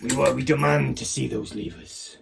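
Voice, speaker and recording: A man's voice: medium pitch, steady tone, moderate pace, vocal fry, far from the mic, noisy background. A British man putting on a mock-outraged voice for an imaginary, demanding enforcer of the lock picking rules. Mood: indignant. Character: indignant male "lever police" enforcer, demanding.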